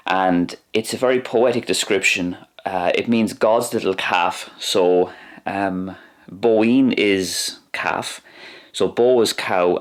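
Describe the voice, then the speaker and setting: Slow, low-voiced man teaching words. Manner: pronounces words slowly and repeats them. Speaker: language teacher. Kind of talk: language lesson.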